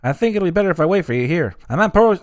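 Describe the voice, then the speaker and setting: Man doing a whiny high-strung graveyard keeper. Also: animated, racing, darkish tone, no echo. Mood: nervous.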